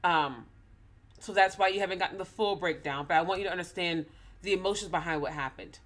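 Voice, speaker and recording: A woman's voice: lowish voice, a little fast, fairly bright tone. Tearful woman sharing a personal story. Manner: emotional, tearful, earnest. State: holding back tears. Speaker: ministry host. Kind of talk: personal talk to camera.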